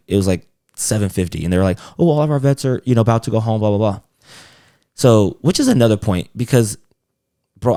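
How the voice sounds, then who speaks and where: Young man, podcast co-host, low voice, mellow tone, rambling slangy storytelling, swears a lot. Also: no echo, clean studio sound. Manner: rambling, slangy and profane, with many fillers. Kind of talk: casual storytelling chat.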